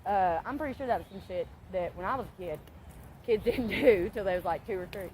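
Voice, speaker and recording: A middle-aged woman vlogging, telling an animated story in casual, profane talk and laughing often. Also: mid-range voice, brisk. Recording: steady background noise.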